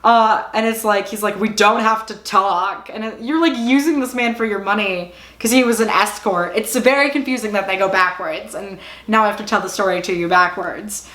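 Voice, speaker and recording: A woman talks through a TV series in a loose, chatty recap. Her speech is full of "like," and she is openly invested. Her voice sits at an ordinary middle pitch and carries a roomy echo. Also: brisk, hardly any pauses, fairly bright tone. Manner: emotionally invested, exclaiming. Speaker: TV show reviewer. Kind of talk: casual recap and review.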